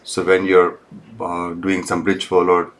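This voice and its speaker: A man guest on a live crystal show, explaining in a hesitant, halting way with many pauses. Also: low-pitched, completely flat delivery, slight background noise.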